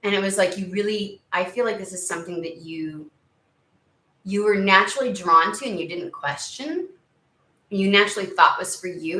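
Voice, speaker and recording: A woman's voice: mid-range voice, moderate pace, pushed and bright, echoey room, far from the mic, poor audio. A woman giving a casual spoken tarot reading, rambling and searching for words with many fillers. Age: under 70. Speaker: tarot reader.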